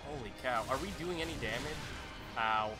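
A young man commenting on a boss fight as he plays, swinging from muttering to loud yelps and exclamations. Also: mid-range voice, moderate pace. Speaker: gaming channel host. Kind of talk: excited let's-play commentary. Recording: game music underneath.

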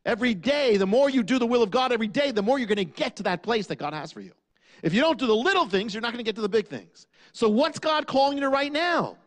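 A man preaching a sermon, asking rhetorical questions and dropping low on key lines. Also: animated, fast talker.

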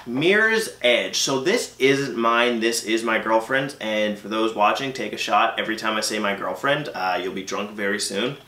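A man's voice: on the low side, moderate pace, few pauses, bright, forceful tone, slight background noise. A man hosting a casual video game collection vlog, chatty and opinionated, with frequent ums and uhs. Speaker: gaming channel host. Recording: echoey room.

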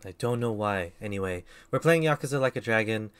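A man's voice: fairly low pitch, expressive, brisk, smooth. A man streaming a video game, rambling in casual commentary and putting himself down. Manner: rambling, self-deprecating.

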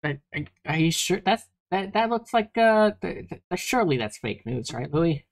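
A woman's voice: fairly low pitch, very animated, normal speed. A woman co-hosting a comedic podcast, stammering and flustered, often repeating her words. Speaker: podcast co-host. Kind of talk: comedic vtuber podcast banter.

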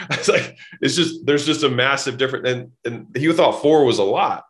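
A medium-pitched man tells casual stories on a podcast, animated and a little fast. He guests bluntly, swears freely, and performs both halves of the conversations he describes.

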